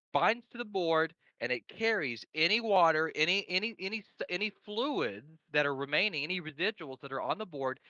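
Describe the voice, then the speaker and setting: Guy with a bright higher voice going on about cleaning boards, lots of restarts, crude jokes, dry muffled audio. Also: no room sound. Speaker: electronics repair guest. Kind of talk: casual technical chat. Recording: dry, dull lo-fi sound.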